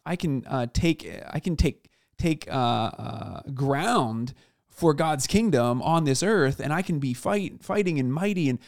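Gravelly-voiced man musing earnestly. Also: on the high side, expressive, no room sound, studio quality. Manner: earnest, searching, with halting restarts. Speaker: podcast co-host. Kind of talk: casual faith conversation.

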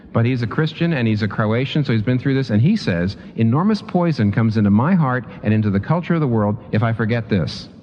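A man preaching a sermon in a lively, emphatic, conversational way, often restarting sentences and pushing his pitch up on key points. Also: a little hiss or hum. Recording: dull lo-fi sound with long hall reverb.

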